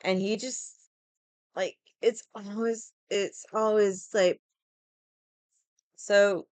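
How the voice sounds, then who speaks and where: This young adult woman's medium-pitched voice is steady, a little mellow, clear and resonant, with drawn-out words. She vents to her stream in a casual rant full of swearing and exasperation, mocking others in quoted voices. The recording is dry.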